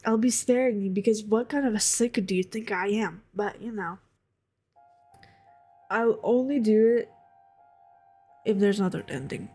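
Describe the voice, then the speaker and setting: A young woman playing a game, reading its lines aloud and talking back to it excitedly. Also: mid-range voice, normal speed, long pauses, slightly rough, soft background music. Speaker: gamer streamer. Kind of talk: let's play, reading dialogue aloud.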